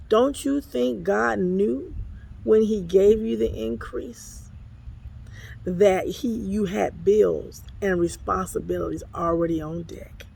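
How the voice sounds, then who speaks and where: A woman's voice: mid-range voice, gravelly, darkish tone, breathy edge. A woman apostle giving a casual devotional talk to her phone camera outdoors by the water, folksy and exclamatory, calling listeners honey and y'all. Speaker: apostle and ministry overseer. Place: outdoors by water behind an apartment complex. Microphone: phone camera, self-filming.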